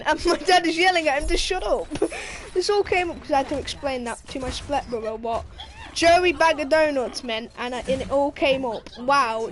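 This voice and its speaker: A young woman streamer reading out a news story while gaming, animated and sweary, laughing as she goes. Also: high-pitched. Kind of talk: casual commentary while gaming.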